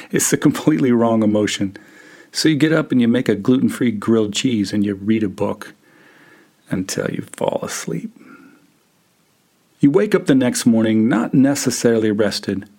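A man with a gravelly, slightly husky voice spins a second-person story as a podcast host. His delivery is vivid and wry, with a dry sense of humor, at a middling pitch. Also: a little mellow.

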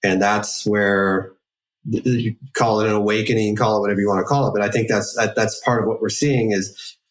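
A man hosting a podcast, talking in a thoughtful, halting way. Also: fairly low pitch, fairly even intonation. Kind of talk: casual podcast chat. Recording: voice distant from the mic.

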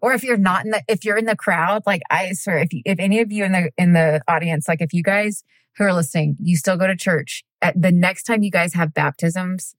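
A woman with a slightly low voice retells a true crime case in a loose, chatty podcast style. She giggles, wanders off on tangents and swears casually. The recording is dry and close to the mic. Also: a little fast, no room sound. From United States. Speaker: podcast co-host telling a true crime story. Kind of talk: casual podcast chat and storytelling.

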